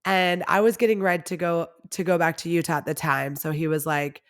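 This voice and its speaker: Chatty podcaster woman with a lowish voice. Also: fairly even intonation, brisk. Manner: chatty and confessional, heavy use of "like". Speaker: podcast host. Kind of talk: candid storytelling monologue.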